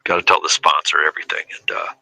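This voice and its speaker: A man's voice: rumbling low, flat delivery, fast, sharp tone, no echo, poor audio. A man in his fifties telling his story as a guest in a casual interview, rambling and heavy with fillers. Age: 50s. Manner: rambling, heavy with "you know" and "uh". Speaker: podcast guest.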